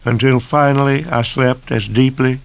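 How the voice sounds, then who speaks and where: Man in his sixties narrating his own novel, gravelly and measured. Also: medium pitch, steady tone. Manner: measured, deliberate first-person reading. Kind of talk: abridged audiobook narration.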